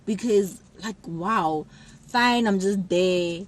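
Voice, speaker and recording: A young woman telling a personal story to camera in a casual, animated way, acting out what people said. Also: fairly low pitch, moderate pace, rough recording. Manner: animated, acts out quotes with sudden loud jumps. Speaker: vlogger.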